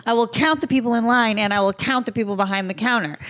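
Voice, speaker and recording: A woman with a somewhat high voice hosts a laid-back podcast. She speaks bluntly, with strong opinions, and she laughs easily. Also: fast, a bit bright. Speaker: podcast host. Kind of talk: casual chat.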